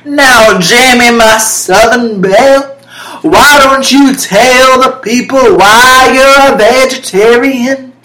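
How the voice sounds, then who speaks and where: A woman's voice: on the high side, slow, a bit bright, voice pushed up. A woman doing a comedy impression of a brash older Southern woman TV cook, talking in a folksy, bossy drawl. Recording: roomy echoey room.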